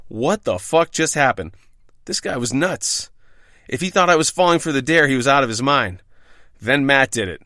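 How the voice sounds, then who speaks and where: A man's voice: mid-range voice, lively intonation, moderate pace, pushed and bright, no echo, studio quality. A man reading out his own bar stories, wry, profane and self-deprecating. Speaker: podcast host telling his own bartending stories. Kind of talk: scripted first-person storytelling.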